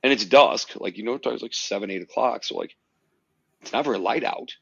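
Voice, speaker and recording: A man hosting a podcast, telling a story in a casual, animated way, swearing freely. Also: fairly low pitch, fairly quick, creaky, slightly rough, no echo, muffled recording. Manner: animated storyteller, swears freely, puts on silly voices in quotes. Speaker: podcast host.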